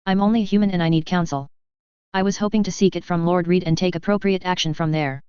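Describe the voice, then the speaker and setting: A woman voicing an earnest young man from modern times, speaking in a measured, pleading way as she reads a fantasy story aloud. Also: on the low side, steady tone, mellow, clean tone, no echo, natural voice. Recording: slightly dull lo-fi dry.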